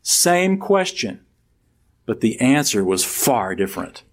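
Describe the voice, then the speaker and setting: A man preaching a sermon, reading scripture aloud and explaining it with lively rises and drops in pitch. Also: slow pace. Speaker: pastor.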